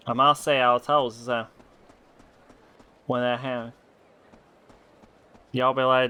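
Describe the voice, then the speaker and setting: A man's voice: medium pitch, fairly even intonation, unhurried, pauses often, pushed and bright, clear, resonant tone. A tipsy man streaming a game, reading the dialogue aloud in a put-on southern country drawl and swearing freely. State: tipsy from drinking. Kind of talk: casual live gameplay commentary, reading game dialogue aloud.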